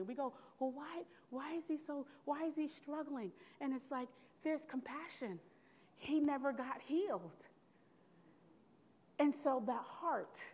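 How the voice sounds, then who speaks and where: A woman preaching a sermon in an earnest, conversational way, asking the congregation questions as she goes. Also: on the high side. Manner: earnest, conversational preaching with call-and-response asides.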